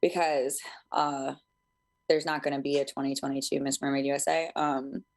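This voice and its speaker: A woman's voice: extremely low pitch, level tone, normal speed. A woman guest on a studio radio talk show, explaining things at length in an easygoing way. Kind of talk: casual radio chat.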